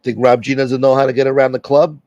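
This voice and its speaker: A man's voice: mid-range voice, little pitch movement, quick pace, darkish tone, dry recording, highs cut off. A man hosting a casual livestream, joking brashly with viewers and swearing freely. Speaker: livestream host.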